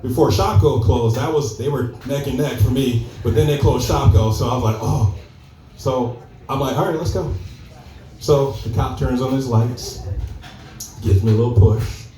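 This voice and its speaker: Mellow-voiced man doing stand-up. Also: mid-range voice, normal speed, a little hiss or hum. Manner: conversational, animated character voices. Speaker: stand-up comedian. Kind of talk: stand-up storytelling. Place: comedy club open mic. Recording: echoey club room, mic at a distance.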